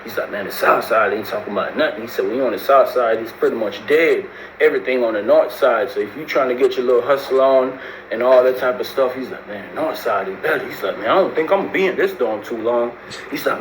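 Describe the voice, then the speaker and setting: Animated slangy man in a roomy space. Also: mid-range voice, quick pace. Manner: animated, slangy, acts out quoted voices. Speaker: storyteller recounting prison life. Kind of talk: casual storytelling. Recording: roomy with faint background noise.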